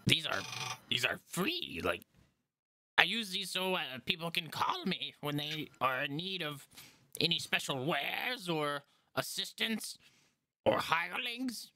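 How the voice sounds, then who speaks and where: A man's voice: fairly high pitch, sing-song, unhurried, bright, forceful tone, slight background noise, pitched above the performer's own voice, exaggerated voice. A man voicing a scheming male red goblin merchant with fawning sales patter. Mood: salesy.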